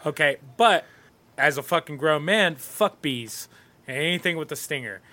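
A young man co-hosting a casual chat, ranting in an animated, heavily profane way. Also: on the high side, normal speed, no room sound. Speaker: podcast co-host.

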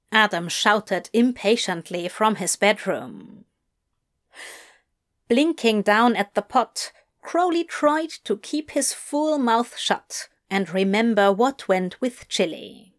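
A woman reading a story aloud as narrator, wry and measured. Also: medium pitch, animated.

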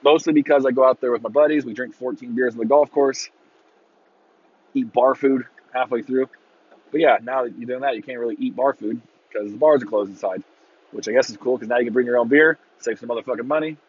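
A man ranting casually on a podcast, swearing freely and breaking into loud mocking impressions of fans. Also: medium pitch, brisk, slightly rough, no echo, muffled recording. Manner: profane, exasperated ranting with mocking shouted impressions. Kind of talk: casual rant.

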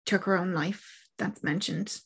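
A woman's voice: medium pitch, measured pace, vocal fry, a bit bright, husky. A young woman in casual podcast chat, retelling a film plot and acting out the characters' lines. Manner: chatty, acts out quoted lines, swears casually.

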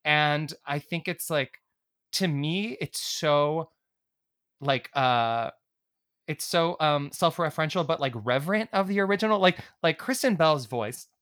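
A man's voice: a little high, unhurried, a bit bright. A man hosting a casual interview, talking with fan enthusiasm and lots of filler words. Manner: enthusiastic, gushing fan talk full of "like".

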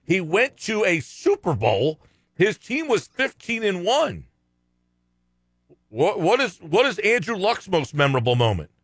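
A man's voice: sits high, a little slow, no echo. A man co-hosting a sports radio show, giving firm opinions in casual talk. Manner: opinionated, lively, reads out listener texts.

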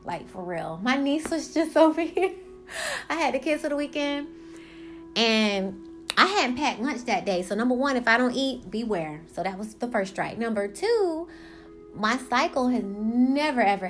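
A young woman hosting her own podcast, rambling in a casual, animated way, swearing and acting out quotes as she tells stories. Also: on the high side. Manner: animated storytelling, swears, laughs, acts out quotes. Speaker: podcast host.

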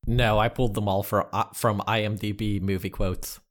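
A man's voice: on the low side, flat delivery, normal speed. A man co-hosting a casual podcast, keeping score and adding dry wisecracks.

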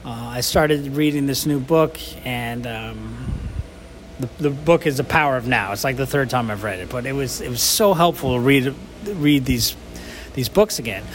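A man on a casual recovery podcast talks in an earnest, grateful way, often stopping and restarting his sentences. His voice sits at an average pitch, with a faint hum of noise behind it. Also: moderate pace. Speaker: podcast co-host.

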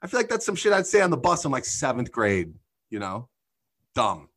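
With a medium-pitched, sing-song, fairly bright voice at a moderate pace, an adult man runs a comedic podcast. Casual and profane, he laughs a lot while working through listener messages and stories.

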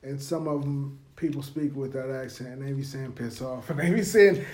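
A woman's voice: extremely low pitch, brisk, darkish tone. A woman co-hosting a casual podcast chat, blunt and profane, laughing as she talks. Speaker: podcast co-host.

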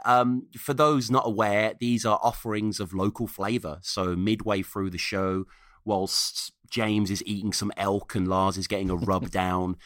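British male podcast guest, lowish pitch, dry mic, keen and chatty. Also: dry recording. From Britain. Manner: lively, jokey, enthusiastic. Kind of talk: casual podcast chat.

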